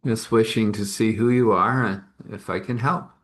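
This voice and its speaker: A patient, peaceable woman, as a male storyteller puts her on, reassuring and low-key in tone. The voice sits lowish, and she talks kindly and without hurry in this spoken story. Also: steady tone, normal speed, natural voice. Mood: gentle. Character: gentle patient woman offering help.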